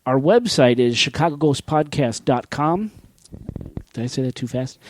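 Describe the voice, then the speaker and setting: A middle-aged man hosting a podcast in casual, joking chat, quick to laugh at himself. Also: mid-range voice, expressive, no echo. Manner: joking, self-mocking, laughs often. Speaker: podcast host.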